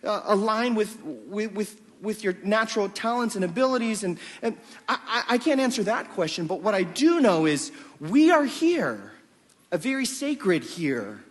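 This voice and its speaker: High, animated male pastor preaching. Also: normal speed. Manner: storytelling, animated, repeats words, calls "amen?". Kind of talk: sermon. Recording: long reverb of a large hall.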